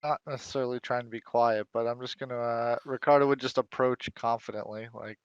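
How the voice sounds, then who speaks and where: A man's voice: mid-range voice, steady tone, a little fast, smooth, no echo. Casual man playing a tabletop game. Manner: casual, hesitant with fillers. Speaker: player. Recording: slightly dull, lo-fi mic.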